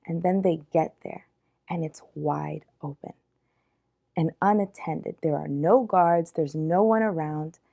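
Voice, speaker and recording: A woman storyteller retelling a Bible story for young people in a lively, casual way. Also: on the low side.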